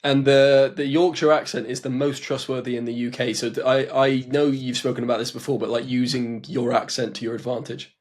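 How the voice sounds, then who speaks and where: A man's voice: medium pitch, fairly even intonation, a little fast, hardly any pauses, a little mellow. A man hosting a podcast, asking his guest questions in a conversational way. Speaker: podcast host. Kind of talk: interview questions.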